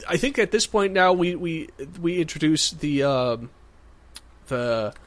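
A young man co-hosting a casual tech podcast, speaking haltingly as he steers the discussion. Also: a little high, expressive. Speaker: podcast co-host.

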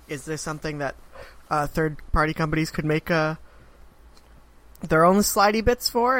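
A man on a casual tech podcast who thinks out loud. His voice sits a touch higher than most men's. He poses loose, speculative questions to the others. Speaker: podcast co-host.

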